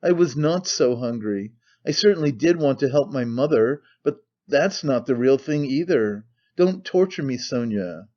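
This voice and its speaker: A man's voice: mid-range voice, expressive, a little slow, hardly any pauses, warm tone, lightly acted. A man playing a bitter, tormented young man who speaks wearily and breaks into despair, in a slightly muffled recording. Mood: weary. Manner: weary, brooding, bursts of despair.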